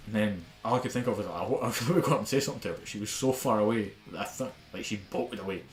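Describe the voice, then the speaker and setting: A man's voice: lowish voice, racing, soft background music. A young man with a Scottish accent picked up from Glasgow, a podcast co-host ranting in casual, sweary talk. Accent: Scottish, Glaswegian-tinged. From Scotland. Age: young adult. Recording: echoey room with faint background noise.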